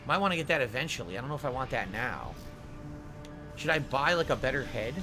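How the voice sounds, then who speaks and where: With game music in the background, a man streams live, talking fast in a mid-range voice with lively intonation. He reasons out loud about gear and thanks viewers who tip.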